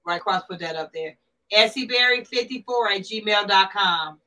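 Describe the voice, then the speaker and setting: A woman hosting a casual livestream, chatting back to viewers' comments in an animated way. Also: mid-range voice, moderate pace, low-quality recording. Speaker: livestream host.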